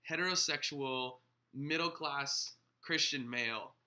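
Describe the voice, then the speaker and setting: Bright-voiced earnest young pastor. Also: male voice, medium pitch, unhurried. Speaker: pastor and co-host. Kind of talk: casual conversational explanation.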